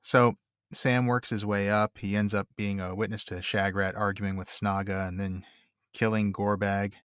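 Low-voiced man reading aloud in a dry room. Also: flat delivery, moderate pace, fairly bright tone, smooth, dry recording. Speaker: podcast co-host and reader. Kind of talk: casual chat and book reading aloud.

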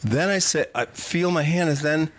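An older man, a comedy writer and podcast guest, telling a story in a vivid, profane and animated way. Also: a little high, normal speed, no echo.

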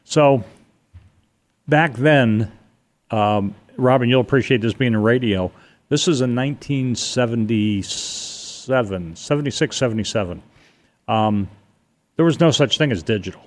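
An older man from Connecticut, telling a long personal story in a rambling, animated way, with many restarts. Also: medium pitch, unhurried. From Connecticut, USA. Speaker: guest telling a ghost story. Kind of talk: casual storytelling on radio.

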